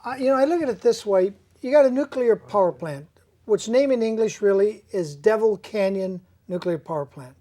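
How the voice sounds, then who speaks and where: A woman hosting an interview in casual chat, animated and talking through long what-if scenarios. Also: mid-range voice, moderate pace.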